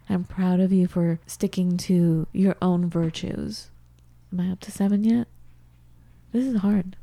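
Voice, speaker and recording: A middle-aged woman co-hosting a podcast, earnestly walking through a self-affirmation exercise with soft laughs and whispered asides. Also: fairly low pitch, no echo. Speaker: podcast co-host. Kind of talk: casual podcast talk, demonstrating an exercise. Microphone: studio microphone.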